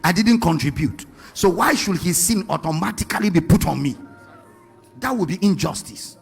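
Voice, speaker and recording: A man's voice: high-pitched, expressive, moderate pace, creaky, breathy edge, faint music behind. A man preaching a sermon to a congregation, firing rhetorical questions and asking them to read along.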